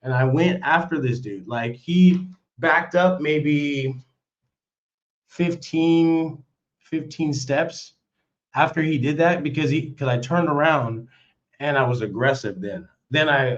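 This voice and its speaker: A man's voice: mid-range voice, measured pace, highs cut off. A man telling a story on a live stream in casual, rambling talk, cursing and restarting his sentences often. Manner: rambling, profane, with many restarts.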